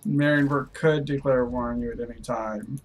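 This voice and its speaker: Guy mid-pitch, gaming commentator type, rambly and chatty while he plays. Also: fairly even intonation, normal speed, low-quality recording. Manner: chatty, rambling, many "like" fillers. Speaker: co-op game player. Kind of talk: casual chat while gaming.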